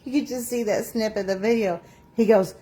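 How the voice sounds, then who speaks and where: A woman's voice: on the high side, fairly even intonation, fairly quick, mellow, slightly rough. A woman hosting a live crafting stream, chatting casually, laughing often and reading out viewer comments. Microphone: phone on a tripod.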